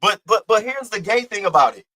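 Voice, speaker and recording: A man's voice: sits high, animated, fairly quick, sharp tone, rough recording. A young man hosting a livestream, delivering brash, profane, taunting trash talk at a rival. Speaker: live-stream host. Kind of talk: heated livestream rant.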